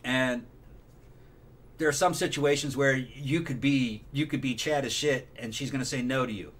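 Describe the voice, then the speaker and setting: A man's voice: medium pitch, normal speed, fairly bright tone. A man hosting a casual podcast chat, emphatic and opinionated, swearing often. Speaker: podcast host.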